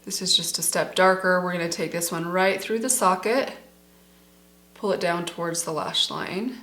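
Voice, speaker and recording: Her voice is on the low side and a bit bright, with a steady tone at normal speed, as she casually walks viewers through a makeup tutorial. The middle-aged vlogger is enthusiastic and addresses her audience as "you guys." There's an echoey room sound.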